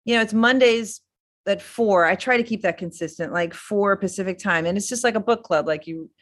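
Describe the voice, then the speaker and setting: A woman's voice: mid-range voice, fairly quick. A middle-aged woman guest in a casual interview, rambling enthusiastically with many fillers and restarts. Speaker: filmmaker guest.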